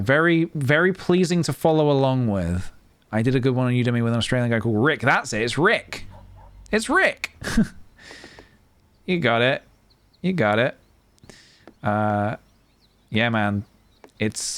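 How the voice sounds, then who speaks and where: A man's voice: medium pitch, a little slow, pauses often, smooth. Playful man streaming a game. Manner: playful, chatty, bursts of excited squeals. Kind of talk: casual live-stream game commentary. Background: faint game music.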